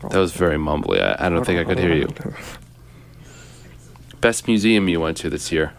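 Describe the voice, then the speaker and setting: A young man hosting a casual podcast chat with a friend, teasing and firing off quick questions. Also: low voice, very animated, creaky. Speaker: podcast host.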